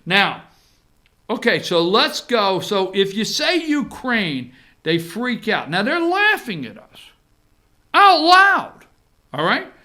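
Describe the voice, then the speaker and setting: A man hosts his own opinion show from an office room, talking in a sarcastic, animated way and repeating phrases to hammer a point. His voice sits high and swoops all over, with a bright, sharp edge. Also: slow pace. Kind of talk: animated political commentary.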